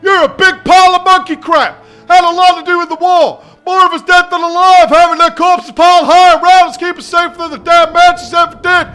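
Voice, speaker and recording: A man's voice: very high-pitched, little pitch movement, fairly quick, hardly any pauses, sharp tone, soft background music. A man voicing a harsh, foul-mouthed drill sergeant while reading game dialogue aloud, barking insults and orders. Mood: scornful.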